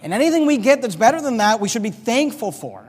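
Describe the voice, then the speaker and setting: A pastor delivers an animated sermon in a very high voice, reading scripture and playing out its characters. His words ring through a church hall with a long reverb tail. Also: fast talker, breathy edge. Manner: animated preaching, reads scripture aloud, acts out characters.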